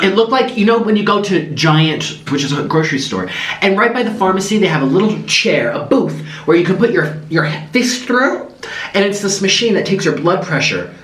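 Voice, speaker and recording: Animated, lively-voiced man telling stories. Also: a little high. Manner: animated, gossipy storytelling. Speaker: host. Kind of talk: casual storytelling during a mukbang. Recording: echoey room with faint noise.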